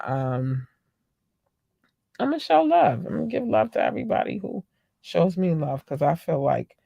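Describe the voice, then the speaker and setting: A woman hosting her own podcast, chatting casually and gushing with excitement as she greets listeners. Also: sits low, creaky, no echo, clean studio sound. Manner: gushing, excitable, squeals in delight. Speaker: podcast host. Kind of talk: casual solo podcast chat.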